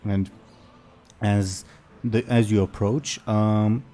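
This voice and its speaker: A man's voice: on the low side, steady tone, takes it slowly, dark tone. A man narrating as game master of a tabletop game, rambling and hesitant.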